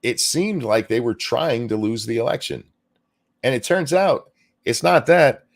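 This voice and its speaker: A man's voice: mid-range voice, animated, measured pace, creaky. A man co-hosting a casual political talk stream, reading out news items with sarcasm.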